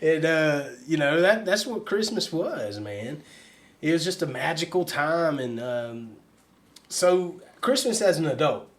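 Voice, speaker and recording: A man's voice: a little high, lively intonation, unhurried. A man co-hosting a podcast, speaking reflectively in a casual chat and laughing often. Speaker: podcast co-host.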